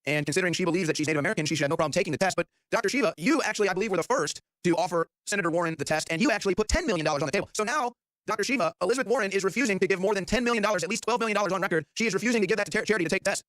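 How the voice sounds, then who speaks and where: A male host fires off sarcastic, excited commentary and acts out quotes. His voice sits somewhat high. The studio sound is very dry. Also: racing, no room sound. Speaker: show host. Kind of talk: talk-show commentary.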